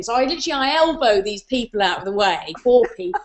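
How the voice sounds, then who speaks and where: A woman's voice: fairly high pitch, expressive, quick pace. A woman in her forties, a talk show guest, telling a self-deprecating story with many restarts and fillers. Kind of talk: animated anecdote on a talk show.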